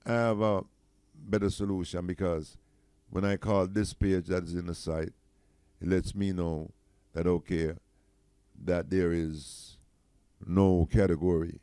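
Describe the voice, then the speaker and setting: A middle-aged tech founder with a Jamaican accent loosely demos his own AI website in a casual screen share, repeatedly checking in with "right?". His voice is low, mellow, clear, and resonant, with fairly even intonation and a measured pace, and the recording is dry.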